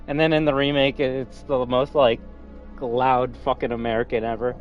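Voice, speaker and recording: A man's voice: mid-range voice, little pitch movement, normal speed, lo-fi sound, soft background music. A man streaming a game, chatting casually with nerdy asides and plenty of swearing. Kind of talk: casual gameplay commentary.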